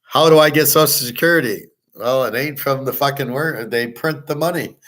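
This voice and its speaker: An older man talks in a loose, rambling monologue as the host of his own show. He is blunt and swears freely, firing off rhetorical questions in a mid-pitched voice. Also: normal speed, a bit bright. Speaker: sports betting and gold commentary host.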